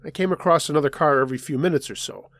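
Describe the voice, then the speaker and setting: A man narrating first-person scary road stories in a scripted storytelling style, dropping his voice low for tense moments. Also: rapid-fire, a bit bright. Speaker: storyteller reading listener stories. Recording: faint music underneath.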